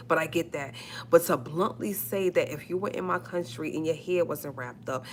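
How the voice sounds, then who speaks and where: A woman's voice: low voice, a little hiss or hum. A woman vlogger giving emotional, emphatic commentary on a live stream, repeating herself as she works up her indignation.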